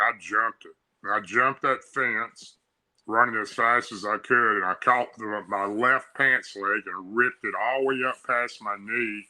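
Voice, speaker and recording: A man's voice: on the low side, pushed and bright, rough recording. Male guest, casual storyteller, repeats himself a lot, tense voice. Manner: breathless run-on retelling, repeats himself.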